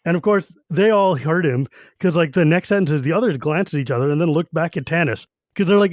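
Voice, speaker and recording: On a podcast he co-hosts, a man casually talks through a book, voicing its characters as he retells the story. His fairly high voice is animated and quick, with hardly any pauses. The studio sound is clean, with no room noise at all.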